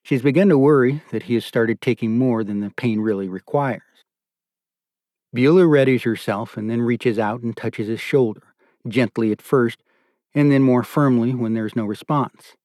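A man giving a calm, measured scripted narration of a novel. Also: medium pitch, dry recording, clean studio sound. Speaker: audiobook narrator.

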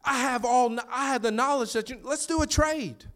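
A man's voice: very high-pitched, fairly bright tone, voice pushed up. A man voicing God as a reassuring heavenly father who eagerly offers to take people's burdens. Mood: eager, coaxing. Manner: coaxing, repeating offers in quick bursts.

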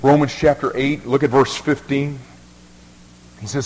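A man's voice: mid-range voice, little pitch movement, measured pace, long pauses, darkish tone. A male pastor preaching a sermon in a folksy, emphatic way, often repeating words as he restarts. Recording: long reverb of a large hall.

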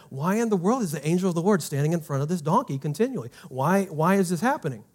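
A man preaching a sermon as pastor, emphatic and conversational, swinging from loud to hushed and asking the congregation questions. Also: high-pitched, sing-song, fast talker, hardly any pauses.

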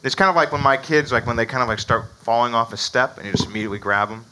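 A man's voice: medium pitch, very fast, pushed and bright, poor audio. A man preaching a sermon in a conversational way, often asking "right?" and chuckling between points. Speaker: pastor.

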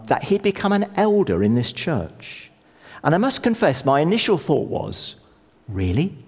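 A middle-aged man preaching a sermon in a conversational, lively way with touches of self-deprecating humour. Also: medium pitch. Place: church hall. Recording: long church reverb.

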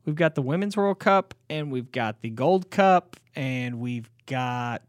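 A man's voice: medium pitch, expressive, a little slow, smooth, no echo, clean studio sound. A man co-hosting a sports podcast in casual chat, rambling with lots of fillers in an easygoing way. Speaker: podcast co-host.

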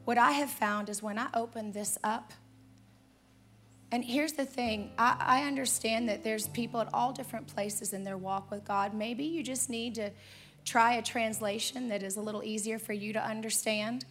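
A woman's voice: a little high, steady tone, moderate pace, a bit bright. A woman pastor preaching in a church and leading the congregation in prayer, earnest and drawn out on key words. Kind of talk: sermon with altar call and prayer. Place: church auditorium, also streamed online.

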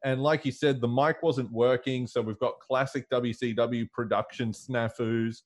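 A man's voice: mid-range voice, steady tone, a little slow. Man, podcast co-host, casual chat, joking, laughing asides.

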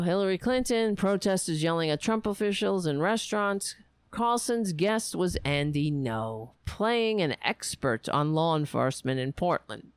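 A sarcastic commentator delivers a solo political rant in a smooth, clear voice. The pace is unhurried, and the speech is full of halting restarts. The sound is dry and close, with no room echo. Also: medium pitch.

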